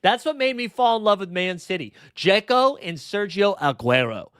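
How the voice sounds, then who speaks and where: A man's voice: high voice, lively intonation, normal speed, a bit bright, smooth, no room sound, studio quality. A young man hosting a fantasy sports livestream in casual chat, rambling and swearing as he drifts into tangents. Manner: rambling, profane, goes off on tangents. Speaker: fantasy sports show host.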